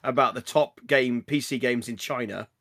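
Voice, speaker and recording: A man's voice: medium pitch, normal speed, a bit bright, no room sound. Wry man with a dry sound. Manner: wry, questioning, lays out facts plainly. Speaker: podcast co-host. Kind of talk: casual chat.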